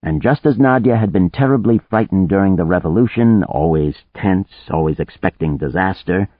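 A man narrating a science fiction audiobook in a steady storytelling manner. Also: deep voice, normal speed, no echo. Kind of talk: scripted narration. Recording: narrow phone-like band, dry.

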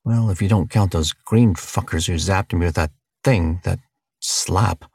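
A man's voice: low-pitched, measured pace, creaky, darkish tone, husky, dry recording, studio quality, heavily acted. A man playing a bewildered, sarcastic captive. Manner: sarcastic, cursing.

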